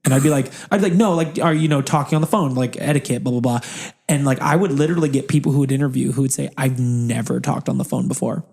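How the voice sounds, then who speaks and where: A man's voice: mid-range voice, steady tone, fast, vocal fry, a little mellow. A man in his thirties co-hosting a podcast in casual chat, rambling with restarts and frequent laughs. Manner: rambling, restarts mid-thought, laughs often. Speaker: podcast co-host.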